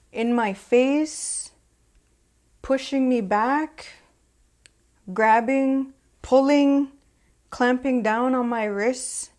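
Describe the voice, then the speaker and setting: A woman performing a spoken word poem with a measured, deliberate delivery and long pauses. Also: on the high side, darkish tone. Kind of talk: spoken word poetry recitation.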